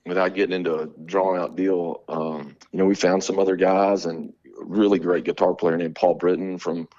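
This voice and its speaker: A man from Alabama, a drummer telling stories in a casual interview, animated, slangy and quick to laugh. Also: low-pitched, lo-fi sound. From Montgomery, Alabama. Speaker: guest musician, drummer.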